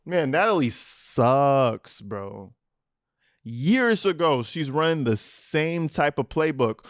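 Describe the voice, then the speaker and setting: A man's voice: a little high, lively intonation, slow, no room sound, studio quality. A man giving profane reaction commentary on police footage in a mocking, sarcastic way. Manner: mocking, sarcastic, swears a lot.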